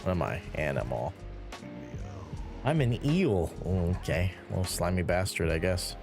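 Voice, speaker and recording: A male streamer with a somewhat low voice that swings widely up and down, talking in an unhurried drawl. He rambles and giggles while reading chat aloud, with faint game music playing underneath. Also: sing-song, gravelly. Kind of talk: casual live-stream game commentary.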